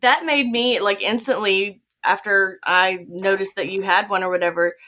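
Uma mulher conversando num podcast de forma casual, falando sem parar e perdendo o fio no meio das frases. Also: female voice, mid-range voice, fairly even intonation, moderate pace, pushed and bright. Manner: chatty, loses her thread mid-sentence. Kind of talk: casual chat.

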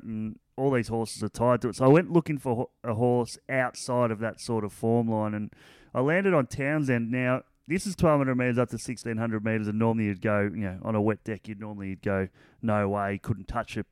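A man analysing horse races in a relaxed, casual way, full of fillers. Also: mid-range voice, clean tone, no room sound. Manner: relaxed, lots of fillers like "you know" and "um". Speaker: racing analyst.

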